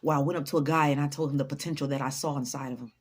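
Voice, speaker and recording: A woman's voice: deep voice, fairly even intonation, racing, slightly rough. A woman giving an emphatic, profanity-laced motivational talk, repeating her points for emphasis. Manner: emphatic, preachy, swears freely; repeats lines for emphasis, laughs often. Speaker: motivational vlogger.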